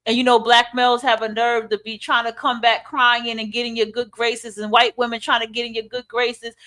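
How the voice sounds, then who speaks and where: A woman's voice: on the high side, a bit bright. Profane, preachy woman podcast host. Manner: blunt, profane, preachy, with rhetorical questions. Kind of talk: ranting commentary monologue.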